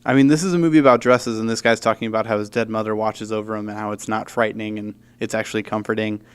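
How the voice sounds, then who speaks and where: Young guy podcast host, smooth clear voice, animated and laughy movie chat. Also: lowish voice, quick pace. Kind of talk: casual chat about movies.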